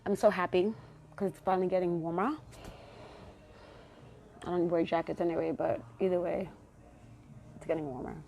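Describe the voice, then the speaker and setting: A woman's voice: on the low side, little pitch movement, normal speed, vocal fry, long pauses, a little mellow, slight background noise. A woman hosting her own podcast, talking casually and affectionately to her listeners with pep-talk encouragement. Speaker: podcast host. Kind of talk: casual solo podcast monologue.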